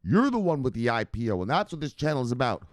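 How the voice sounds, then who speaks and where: A man hosting a crypto news channel, ranting to his viewers in a profane, theatrical way that swings from loud shouts to muttered asides. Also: mid-range voice, sing-song, quick pace, no echo, studio quality. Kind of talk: fired-up rant to viewers.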